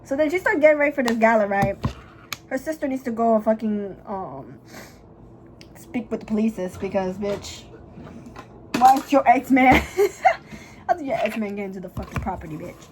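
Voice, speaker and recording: While putting on her makeup, a young woman vlogger retells a story in a gossipy, dramatic, foul-mouthed way, breaking into loud, high-pitched laughter. She talks fairly quickly, and there's noise in the background.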